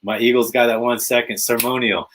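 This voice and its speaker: A man's voice: mid-range voice, fast, poor audio. A man hosting a live fantasy football podcast, talking casually and with energy, peppering his lines with "man" and "baby". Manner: energetic, hype, repetitive "man" and "baby" fillers. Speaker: podcast host.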